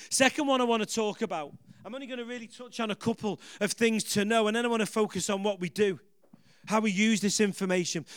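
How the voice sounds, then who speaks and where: Male preacher, very high voice, emphatic and repetitive, quizzes the crowd, dry close sound. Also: dry recording. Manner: emphatic, repeats phrases, questions the audience. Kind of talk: sermon.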